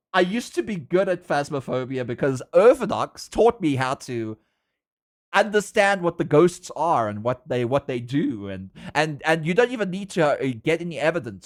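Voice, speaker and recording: Lively male streamer. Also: a little high. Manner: animated, laughs often, talks to chat. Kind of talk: casual live-stream chat while drawing.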